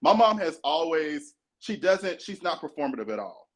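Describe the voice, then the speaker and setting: A man's voice: fairly high pitch, very animated, moderate pace. A man co-hosting a podcast, talking earnestly and emphatically in casual chat. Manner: earnest, emphatic, acts out quoted voices. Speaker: podcast co-host.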